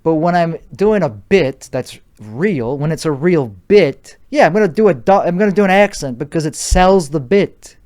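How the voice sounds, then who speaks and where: A man's voice: a little high, expressive, normal speed, hardly any pauses, a little mellow. A man with a put-on Chicago accent, overtired and sleep-deprived, hosting a rambling solo podcast monologue, profane and argumentative, repeating himself. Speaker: podcast host.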